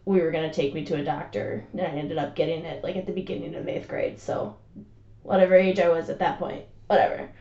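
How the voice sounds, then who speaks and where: A young woman co-hosts a casual podcast, joking and giggling through her stories with plenty of ums and uhs. Her voice sits mellow and warm. The recording sounds roomy and a little dull. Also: low voice, steady tone, a little fast. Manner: joking, giggly, chatty with many fillers. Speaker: podcast co-host.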